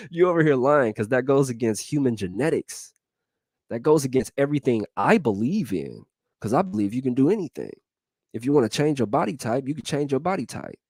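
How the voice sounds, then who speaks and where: A man's voice: medium pitch, lively intonation, brisk, darkish tone, dry recording. A man giving a casual motivational talk as host, in slangy speech that repeats its phrases and breaks into laughs between points.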